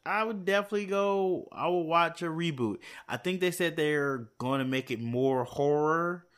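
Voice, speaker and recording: A man's voice: a little high, normal speed, fairly bright tone, smooth. A man chatting casually to his viewers, rambling and thinking aloud with many fillers and restarts, a little tired. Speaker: movie news vlogger. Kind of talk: casual chat to camera.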